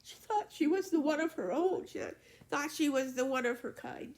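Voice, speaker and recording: A woman hosting her own vlog, telling a story casually in a halting way with restarts. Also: high-pitched, a little mellow. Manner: halting, with many fillers and restarts. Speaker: vlog host.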